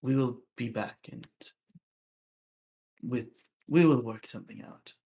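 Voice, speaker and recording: A man voicing an earnest young woman adventurer, who speaks in a measured, sincere way. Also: mid-range voice, vocal fry, warm tone.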